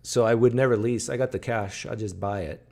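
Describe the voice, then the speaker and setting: Male livestream host, somewhat low voice, casual and chatty, reads out comments. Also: a little fast, creaky, darkish tone. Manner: chatty, reading and answering comments aloud. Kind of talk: casual live chat with viewers. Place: home.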